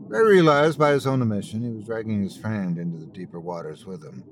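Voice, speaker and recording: A man narrating a scripted horror story in a slow, dramatic storytelling manner. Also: on the low side, expressive, background noise.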